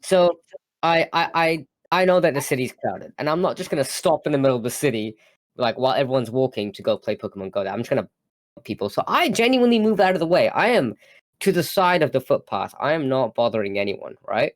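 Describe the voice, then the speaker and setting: A man co-hosting a podcast, telling a quick self-mocking story in casual chat and laughing as he goes. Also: medium pitch, very animated, no echo. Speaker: podcast co-host.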